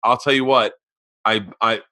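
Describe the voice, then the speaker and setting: A middle-aged man hosting a podcast, telling stories in loud, profane casual chat and acting out the people in them. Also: fairly low pitch, steady tone, unhurried. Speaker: podcast host.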